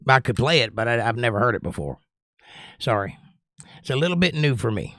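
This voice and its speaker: A man's voice: mid-range voice, a little fast, dry recording, studio quality. An older man hosting a music livestream, reading viewers' comments aloud in a casual, joking way. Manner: animated, reads chat aloud and jokes.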